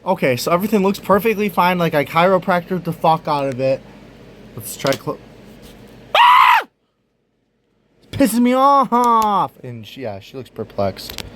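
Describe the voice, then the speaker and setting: A man's voice: high voice, very animated, moderate pace, a bit bright, a little hiss or hum. A young man ranting on video, exasperated and swearing, often breaking into laughter. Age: young adult. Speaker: vlogger. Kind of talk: profane rant video.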